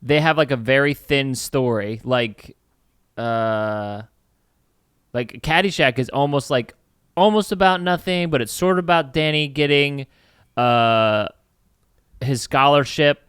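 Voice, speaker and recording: Young man, smooth clear voice, rambling casual podcast talk, dry close sound. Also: medium pitch, unhurried, a bit bright, no echo. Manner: rambling, many "like" fillers. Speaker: podcast co-host. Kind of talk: casual chat.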